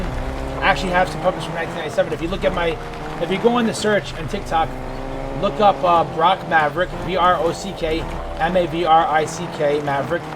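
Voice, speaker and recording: A man chats loosely through his gameplay, wandering off topic and restarting his thoughts. His voice sits a bit higher than most men's. A clear noise bed runs under the recording. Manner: rambling and digressive, halting. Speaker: gaming video creator. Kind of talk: casual gameplay commentary. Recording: background noise.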